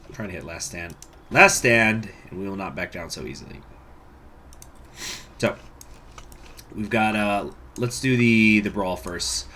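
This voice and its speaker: A man commentating a strategy game playthrough, chatty and excitable, reading the game's text aloud. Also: lowish voice, unhurried, pauses often, slight background noise. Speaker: gaming channel host. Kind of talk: let's play commentary.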